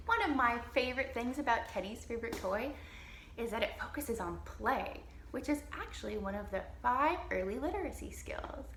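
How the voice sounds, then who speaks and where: A woman librarian with a New Orleans accent reading to children in a slow, animated, encouraging way. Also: on the high side, slight background noise. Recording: roomy echo.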